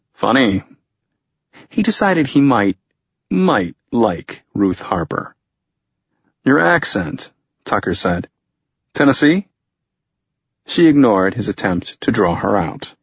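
Male thriller narrator, measured and dry; low husky voice, muffled close read. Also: no echo. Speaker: audiobook narrator. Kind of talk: scripted narration.

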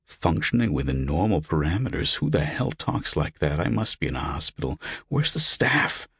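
A man voicing a confused young graduate student with a raspy voice, demanding answers. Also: a bass voice, big pitch swings, moderate pace, pushed and bright, dry recording, exaggerated voice. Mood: alarmed. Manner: demanding, frightened.

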